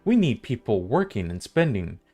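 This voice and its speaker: A man voicing a wry, motherly female tavern owner and guild master, telling her tale in a slow, drawn-out way. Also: fairly low pitch, very animated, mellow, faint music behind. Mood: storytelling. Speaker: streamer reading game dialogue aloud.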